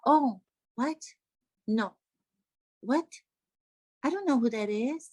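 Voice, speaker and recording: A woman's voice: fairly high pitch, animated, slow, a little mellow, heavily acted. A woman mocking a gushing fake-innocent actress. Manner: breathy, gasping, over-sweet and theatrical.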